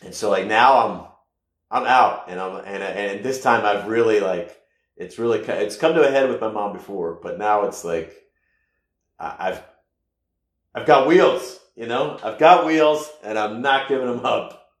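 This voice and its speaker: A man from the United States telling a personal story casually, rambling with halting restarts and sudden loud bursts. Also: fairly low pitch. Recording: echoey room.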